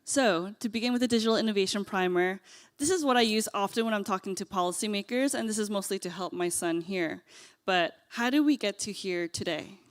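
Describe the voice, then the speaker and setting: Smooth-voiced woman presenting at a conference. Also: medium pitch, a little fast. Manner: friendly, self-effacing. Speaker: conference speaker. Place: conference stage.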